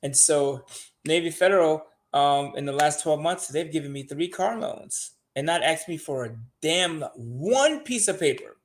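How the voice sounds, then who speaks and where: A man's voice: fairly high pitch, animated, measured pace. An older man, a show regular, giving blunt money advice in casual podcast talk and swearing freely.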